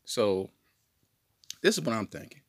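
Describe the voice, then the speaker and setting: A man telling a comedic story on a podcast in an animated, slangy way. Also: lowish voice, a little slow, no room sound. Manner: animated, slangy, jumps into voices. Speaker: podcast co-host.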